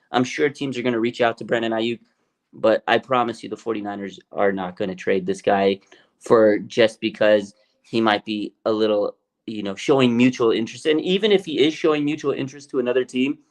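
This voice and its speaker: A man hosting a casual sports livestream, often laughing and mocking rumors while reading out chat comments. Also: medium pitch. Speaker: sports show host. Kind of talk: casual live-stream commentary.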